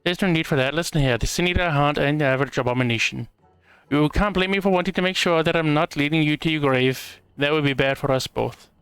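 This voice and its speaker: A man's voice: fairly high pitch, fast talker, a bit bright, clear, resonant tone, dry recording, soft background music. A man voicing a brash, blunt dwarf hunter in a game, with a clumsy put-on accent. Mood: gruff.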